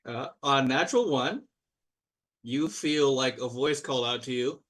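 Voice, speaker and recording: A man runs a tabletop game, narrating in a loose, rambling way full of fillers and restarts. His voice sits at an ordinary middle pitch. He sounds slightly distant from the microphone. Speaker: game master.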